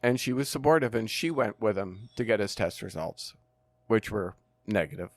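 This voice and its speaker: An older man who once worked as a firefighter and a nurse tells his story in an interview, earnest and measured, often saying um and uh. His voice is on the low side and animated, with no echo.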